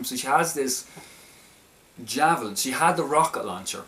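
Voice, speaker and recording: A man's voice: medium pitch, brisk, fairly bright tone, distant mic. A man casually reviewing a film, talking in a hesitant, stop-start way with many restarts.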